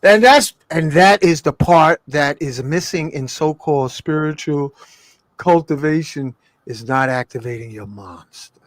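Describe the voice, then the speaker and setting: A man co-hosting a casual spiritual talk, speaking in an emphatic, slangy way that swings from soft to loud. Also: on the high side, unhurried, no room sound.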